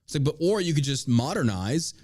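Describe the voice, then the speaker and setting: A podcast host rants through casual political commentary, swearing heavily and mocking his targets. His voice is a little high, sing-song, a little mellow and slightly rough, with a brisk pace.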